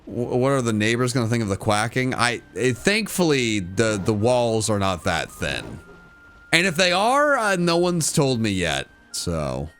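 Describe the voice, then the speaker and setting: A man's voice: medium pitch, wildly swooping pitch, measured pace, a bit bright, faint music behind. A man streaming live to his chat, giving casual game commentary and repeating phrases as he goes. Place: home room.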